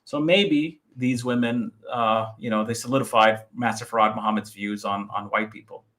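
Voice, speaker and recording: A man, the author of a book, explaining his research point by point in a relaxed podcast interview. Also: lowish voice, normal speed. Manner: methodical, lists points by number.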